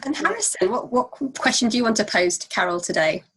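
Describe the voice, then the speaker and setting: A woman hosting a question-and-answer session, with brisk, upbeat link lines between guests. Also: on the high side, very animated, a bit bright, breathy edge. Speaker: host.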